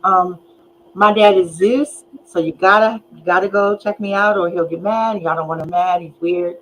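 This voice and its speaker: A woman's voice: fairly low pitch, steady tone, moderate pace, a bit bright, slight background noise, poor audio. A woman on a video call who is losing her voice, introducing herself playfully. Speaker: panel guest. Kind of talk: casual chat.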